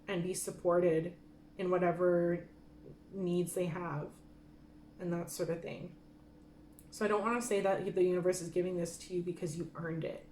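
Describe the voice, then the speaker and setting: A woman giving a gentle pick-a-card tarot reading who gets openly emotional and laughs softly. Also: on the low side, slight background noise. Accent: Michif-speaking Métis greeting and French sign-off. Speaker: tarot reader. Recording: echoey room with faint ambience.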